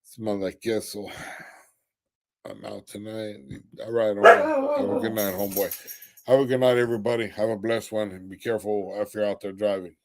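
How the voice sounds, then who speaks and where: A man's voice: fairly low pitch, very animated, normal speed. A tired young man hosting a casual live stream. He mocks someone crudely, laughs often and reads viewer comments aloud. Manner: crude, mocking trash talk, often laughing. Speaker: livestream host. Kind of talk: casual livestream chat.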